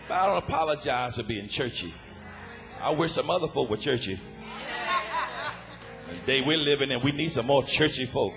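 A man's voice: medium pitch, a bit bright. Man preaching from a church pulpit. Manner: emphatic, repetitive preaching delivery with frequent amens. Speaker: guest preacher. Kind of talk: sermon.

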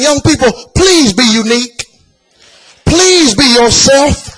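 A man preaching a sermon in a shouted, sing-song cadence. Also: extremely high pitch, animated, unhurried.

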